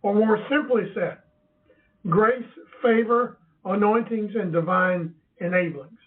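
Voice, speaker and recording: High-voiced man teaching scripture, tinny sound. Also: takes it slowly, recorded from a distance. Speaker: Bible teacher.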